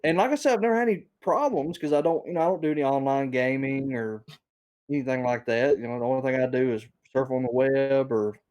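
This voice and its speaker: A man, telling a rambling story on a casual podcast, chuckling as he goes and getting animated when he quotes other people. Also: mid-range voice.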